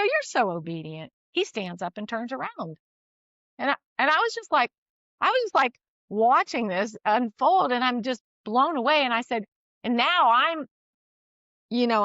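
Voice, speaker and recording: Middle-aged woman, guest telling a story, animated, restarts sentences, slightly high voice, dry slightly muffled recording. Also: no room sound. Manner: animated, restarts often, laughs between phrases. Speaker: guest sharing a parenting story. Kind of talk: casual storytelling conversation.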